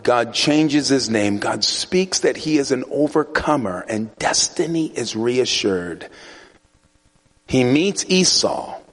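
Chuckling conversational preacher man. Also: medium pitch. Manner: conversational, chuckles often, acts out voices. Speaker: pastor. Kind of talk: storytelling sermon.

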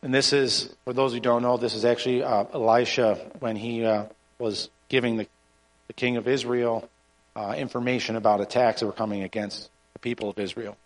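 A man preaching a sermon and reading scripture aloud, in an earnest, halting way with frequent restarts. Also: medium pitch, level tone. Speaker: pastor. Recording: long hall reverb.

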